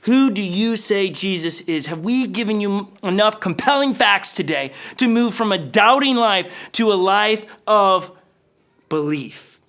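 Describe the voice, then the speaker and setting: A male pastor preaching a sermon in an animated storytelling manner. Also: high-pitched, a little slow. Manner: animated, storytelling with acted voices.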